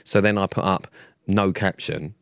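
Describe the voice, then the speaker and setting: A young man co-hosting a chat podcast, ranting and swearing freely. His voice sits a little low. The sound is dry and close, with no room around it. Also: steady tone, moderate pace, creaky, no echo. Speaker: podcast co-host. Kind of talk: casual chat.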